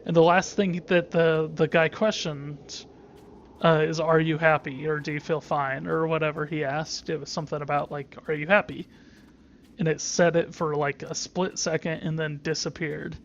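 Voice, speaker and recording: Rambling, higher-voiced man playing a game. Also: level tone, moderate pace, lo-fi sound, slight background noise. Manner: rambling, thinking aloud with many restarts. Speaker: let's play commentator. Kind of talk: casual gameplay commentary.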